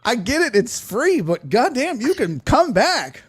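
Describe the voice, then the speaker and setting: A man's voice: very high voice, slow, husky. A man, a comedian and sports talk host, telling a crude story as a guest in casual chat. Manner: profane, animated storyteller.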